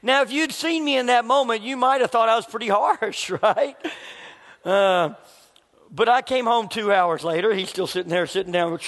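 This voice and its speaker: A man's voice: high voice, moderate pace, a bit bright, in a large hall. A middle-aged man, a pastor, preaching a sermon and telling a family story, acting out the dialogue.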